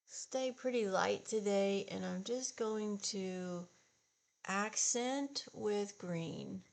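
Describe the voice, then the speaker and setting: Slow, gravelly woman in her sixties. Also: mid-range voice, a little mellow. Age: 60s. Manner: slow, subdued and halting, with sighs. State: upset and discouraged. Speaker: beauty vlogger. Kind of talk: casual get-ready-with-me chat.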